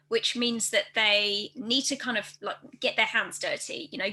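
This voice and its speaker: A woman presenting a workplace training video, speaking fast and loudly with careful articulation. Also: fairly high pitch, rough recording. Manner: fast, loud and well articulated.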